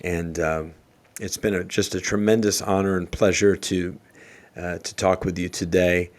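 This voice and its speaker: An earnest man hosting a motivational podcast, speaking in a fairly low voice. He reads quotes slowly and reflects on them with open emotion, in a heartfelt, personal way. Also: flat delivery. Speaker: podcast host. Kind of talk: solo motivational podcast talk.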